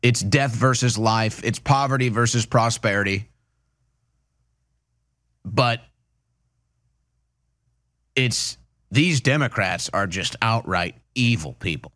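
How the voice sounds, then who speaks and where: A man's voice: lowish voice, slow, long pauses, a bit bright, dry recording, clean studio sound. A man giving indignant political commentary, hammering his points through repetition. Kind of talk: opinion commentary.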